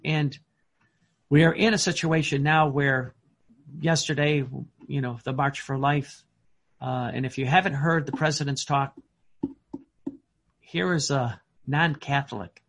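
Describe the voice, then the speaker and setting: A man preaching a sermon in an earnest, emphatic way, often pausing on fillers and restarting his words. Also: mid-range voice, vocal fry, fairly bright tone.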